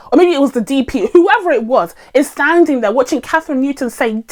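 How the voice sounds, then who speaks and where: Woman reviewer, higher-pitched voice, sarcastic and lively, laughs a lot while ranting casually to camera. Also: brisk, few pauses. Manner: animated, sarcastic, laughs often. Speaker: movie reviewer.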